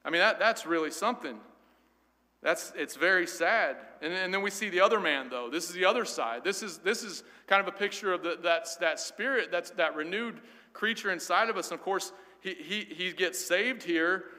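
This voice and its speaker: A man's voice: high voice, normal speed, sharp tone. A man teaching a Sunday school Bible class in an earnest, emphatic way, often repeating words as he goes. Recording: long hall reverb.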